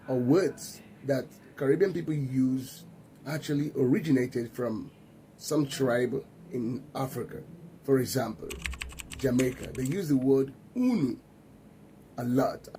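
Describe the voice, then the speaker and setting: A man with a Nigerian accent, talking excitedly to camera about words he has noticed. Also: mid-range voice, slight background noise, rough recording. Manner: excited, animated storytelling. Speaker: commentator. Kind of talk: casual commentary to camera.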